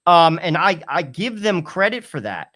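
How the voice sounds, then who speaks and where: A man co-hosting a political talk show, answering in a measured way with fillers. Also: fairly high pitch, big pitch swings, a bit bright. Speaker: co-host. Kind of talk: political commentary chat.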